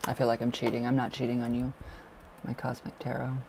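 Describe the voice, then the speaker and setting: A man's voice: mid-range voice, monotone, fairly quick, creaky, a little mellow, slight background noise. A man giving tarot card readings on a casual livestream, affectionate and gushing, laughing often as he chats to viewers. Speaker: tarot reader.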